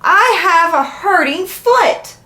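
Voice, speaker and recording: A woman voicing a cranky little girl who whines and shouts her refusals in a children's storybook. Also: very high voice, expressive, takes it slowly, voice pushed up, full character voice. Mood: shouting. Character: cranky little girl having a grumpy day.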